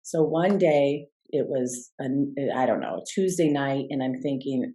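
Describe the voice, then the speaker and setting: A middle-aged woman with a notably low voice, speaking as a guest about her own experiences. She is earnest and reflective, and often restarts her sentences as she works through a thought. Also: expressive, normal speed. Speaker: guest, life coach. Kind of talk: personal storytelling interview.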